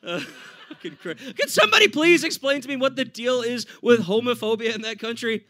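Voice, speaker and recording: A man with an American accent doing a standup comedy set for a live audience, animated and laughing often. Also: very high voice, fairly quick. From United States.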